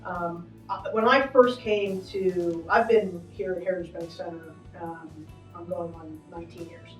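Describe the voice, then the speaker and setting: A woman's voice: lowish voice, steady tone, unhurried. Chatty middle-aged woman in echoey arena. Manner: chatty and upbeat, lots of fillers. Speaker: arena manager giving a backstage tour. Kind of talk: casual walking interview. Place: backstage in a large indoor arena. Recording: echoey, from a distance, faint music.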